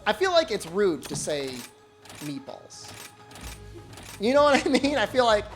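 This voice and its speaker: A man's voice: high-pitched, sing-song, measured pace, faint music behind. A man streaming a game, chatting casually and jokingly, rambling with lots of "like" fillers. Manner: rambling, heavy use of "like", joking. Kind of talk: casual chat while gaming.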